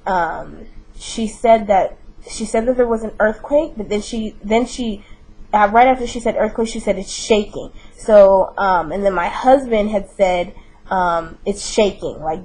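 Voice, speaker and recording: A woman's voice: medium pitch, darkish tone, husky, low-quality recording. A woman in her thirties, a mother telling a long story in a casual, rambling way, with many fillers, restarts and repeated phrases. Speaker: mother recounting her daughter's vision.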